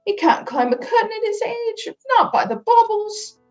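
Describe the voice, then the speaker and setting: A woman's voice: very high voice, sing-song, normal speed, dull audio, voice pushed up, heavily acted. A woman doing a fretful, tearful little mother. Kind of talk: storybook read-aloud.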